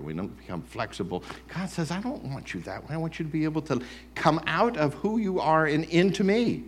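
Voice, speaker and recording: Guy preaching a sermon, high voice that swoops all over, playful. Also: brisk, slight background noise. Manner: animated, mimics grumbling voices. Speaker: pastor. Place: church sanctuary.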